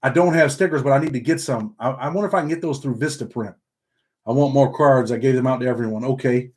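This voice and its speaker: A man from upstate New York who talks with a Southern country twang after many years living down south. He hosts a relaxed livestream, reads the chat out loud and ends nearly every sentence with "man". His voice sits at an ordinary middle pitch for a man. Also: quick pace. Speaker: livestream host reading chat.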